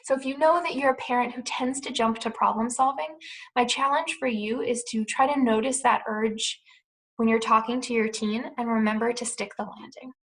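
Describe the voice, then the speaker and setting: A young American woman, a clinician, giving a calm, clear, reassuring pre-recorded talk to parents, with softly spoken example phrases. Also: a little high, moderate pace, rough recording. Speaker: clinician presenting a parent webinar.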